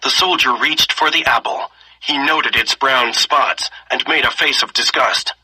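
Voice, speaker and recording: Male story reader, expressive narration with teaching asides; bright, tense tone, breathy texture. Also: medium pitch, a little slow, rough recording. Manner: expressive reading, slipping into character voices. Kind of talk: reading a story aloud with lesson questions.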